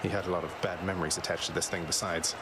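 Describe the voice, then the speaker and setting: A man voicing an easygoing young prince of the underworld in a video game, relaxed and wry. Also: low voice, quick pace, background noise. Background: game music.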